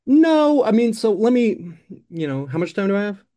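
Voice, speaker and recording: Man, improvised comic storyteller, rambling, filler-heavy, mellow dark voice. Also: sits high, big pitch swings, normal speed.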